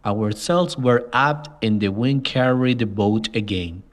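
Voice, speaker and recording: A man reading a storybook aloud for young learners, slow and careful. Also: lowish voice. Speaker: reader.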